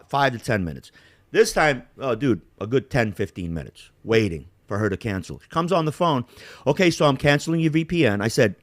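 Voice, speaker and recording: A middle-aged man from Yugoslavia tells a story in loose, profane chat, his pitch jumping all over as he acts out each side of an argument. The sound is dry and close. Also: dry recording. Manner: animated, profane, acts out both sides of a phone call. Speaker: podcast co-host.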